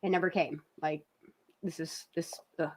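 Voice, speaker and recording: A woman's voice: sits low, fairly even intonation, normal speed, darkish tone, slight background noise. A woman hosting a casual true-crime commentary, talking bluntly and sarcastically, with profanity, over a video she is playing. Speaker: channel host.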